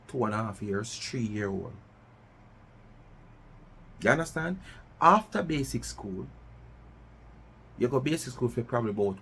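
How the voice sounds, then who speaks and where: Gravelly Jamaican man ranting. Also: on the low side, slight background noise. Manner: challenging, repeats rhetorical questions, mixes patois. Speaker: vlogger. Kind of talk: ranting commentary.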